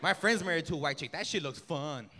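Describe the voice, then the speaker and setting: A man doing stand-up comedy and crowd work on a club stage, talking in a lively way and slipping into voices for his characters. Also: on the high side, brisk, noisy background. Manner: animated, puts on voices for characters. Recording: live comedy club with loud crowd and long reverb. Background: loud audience laughter.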